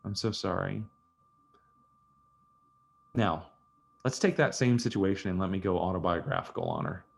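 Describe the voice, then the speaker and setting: A man's voice: deep voice, wildly swooping pitch, a little fast, creaky. Man teaching listening skills on a video call. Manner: conversational, storytelling, acts out dialogues. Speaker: communication skills trainer. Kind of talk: online training talk.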